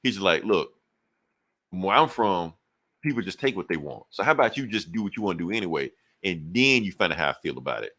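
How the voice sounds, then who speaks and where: A low-voiced man talks through a comic book story in a loose, profane podcast chat. He jumps in and out of the characters' lines as he retells the plot. His delivery stays conversational and unscripted. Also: expressive, fairly quick, pushed and bright. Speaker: podcast co-host. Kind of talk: casual comic book recap.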